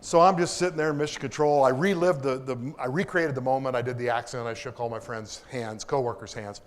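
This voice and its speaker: A man from Kansas, a propulsion engineer, giving a lively public lecture full of self-deprecating stories and enthusiasm. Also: mid-range voice, fairly quick. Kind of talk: lecture with anecdotes. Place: lecture hall.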